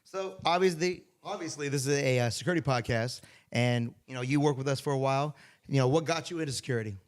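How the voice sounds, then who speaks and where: A man's voice: medium pitch, fast. A man hosting a podcast, chatting casually and introducing his guest in laid-back banter. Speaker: podcast host.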